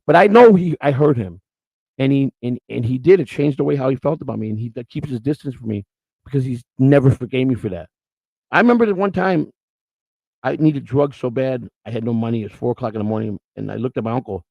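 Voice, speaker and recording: A middle-aged podcast host from Chicago tells his life story bluntly and emotionally, swearing plenty. He talks fast in a gravelly, fry-heavy, mid-range voice that's expressive, and the lo-fi audio is dry and close with no room echo.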